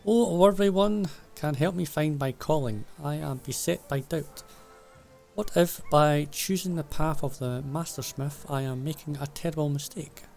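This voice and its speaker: A man's voice: fairly high pitch, normal speed, creaky, darkish tone, soft background music. A man reading game dialogue aloud as a flamboyant young woman traveller, grandiose and mystical, with flowery, theatrical phrasing.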